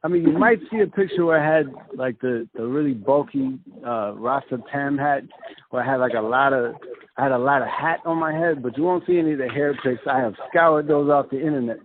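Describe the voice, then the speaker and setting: A man from the American Midwest telling stories as a guest in an animated, rambling way, laughing and restarting often. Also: mid-range voice, brisk, crowd noise. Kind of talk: casual storytelling chat. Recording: tinny video-call audio, faint noise.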